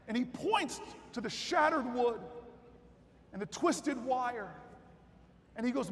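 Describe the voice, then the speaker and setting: High-voiced man giving a convention keynote. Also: animated, takes it slowly, long pauses, slight background noise. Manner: storytelling that builds to shouted rally calls. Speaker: keynote speaker. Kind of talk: political convention speech. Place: large convention hall. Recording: long hall reverb with faint crowd.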